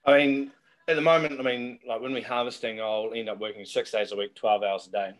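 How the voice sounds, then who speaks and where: A man's voice: medium pitch, level tone, fairly quick. A middle-aged man, a guest telling chatty, laughing anecdotes in a casual interview.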